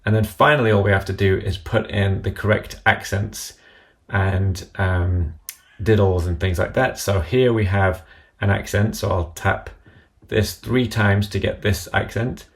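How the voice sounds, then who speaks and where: A man with a very low, gravelly voice narrates a screen-recorded app tutorial. He explains each step calmly and in order, with a voice-over sound. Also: a little slow.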